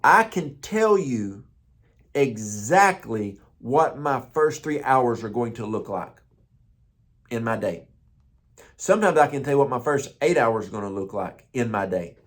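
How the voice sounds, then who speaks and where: A man's voice: mid-range voice, lively intonation, measured pace. A man who is a pastor, giving a conversational motivational morning talk with stories and repeated words.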